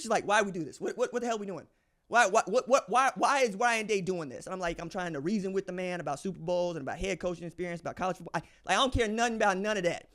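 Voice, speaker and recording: High-voiced man giving emphatic sports takes. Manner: emphatic and slangy, repeats phrases for effect. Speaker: podcast host. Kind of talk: opinionated sports commentary.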